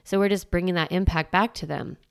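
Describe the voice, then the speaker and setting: Low, gravelly-voiced woman podcast host. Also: a little fast. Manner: casual and chatty, filler-heavy, laughs easily; coaching, encouraging tone. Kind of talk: solo podcast monologue.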